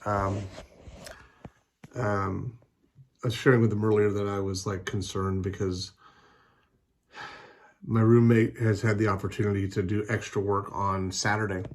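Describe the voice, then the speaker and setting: A man's voice: lowish voice, level tone, a little slow, long pauses. A man talking casually in a personal vlog at home, rambling and hesitant, with many fillers and restarts. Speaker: vlogger.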